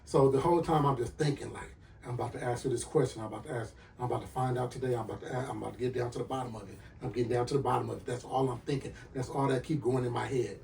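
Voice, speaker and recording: A man hosting a podcast, telling a personal story with lively acted-out dialogue and sound effects. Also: medium pitch, very fast, creaky, hardly any pauses, recorded from a distance, a little hiss or hum. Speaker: podcast host.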